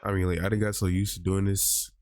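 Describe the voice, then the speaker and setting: Male host, loose and rambling, fillers everywhere, slightly low voice, dry close sound. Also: flat delivery, quick pace, a little mellow, dry recording. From Georgia. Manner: rambling, many "like" and "I mean" fillers. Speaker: podcast host. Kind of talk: casual chat. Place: virtual reality chat room.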